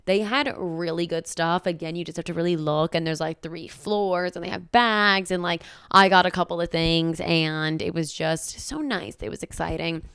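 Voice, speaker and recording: A woman from the United States chatting in a casual travel vlog, loud and outspoken, with a lot of "like". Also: on the low side, steady tone, moderate pace, few pauses, clear, resonant tone, no room sound, studio quality. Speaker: vlogger.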